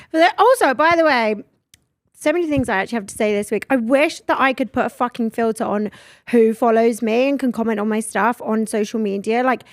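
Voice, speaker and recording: A young woman, hosting a podcast and telling stories in an animated, sweary way. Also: on the high side, no room sound. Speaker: podcast host. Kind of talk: casual chat.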